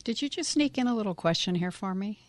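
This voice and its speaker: A woman's voice: mid-range voice, lively intonation, quick pace, no echo, clean studio sound. A woman co-hosting a talk radio show, bantering and laughing along with the host.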